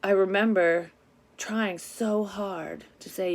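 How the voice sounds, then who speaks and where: A woman, a psychic reader telling a story in a casual tarot vlog, candid and quick to swear. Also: medium pitch, fairly even intonation.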